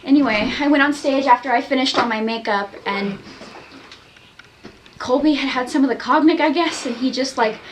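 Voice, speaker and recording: A woman's voice: moderate pace, a little hiss or hum. A woman speaking sheepishly and hesitantly in a comic mockumentary interview. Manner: sheepish, hesitant and low-key. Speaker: interviewee in a mock documentary.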